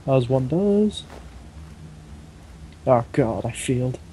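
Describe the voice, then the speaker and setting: A young man talks casually over voice chat while a game is played, joking, giggling and apologizing for his teasing. His voice is at an ordinary middle pitch for a man. There is a faint hiss behind him. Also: expressive, mellow. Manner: jokey, giggly, quickly apologetic. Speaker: friend playing along on voice chat.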